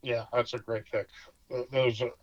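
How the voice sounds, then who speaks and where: A man's voice: medium pitch, level tone, normal speed, dry recording. Agreeable man with dull, dry sound. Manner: agreeable, short replies. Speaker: podcast co-host. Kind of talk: casual golf chat.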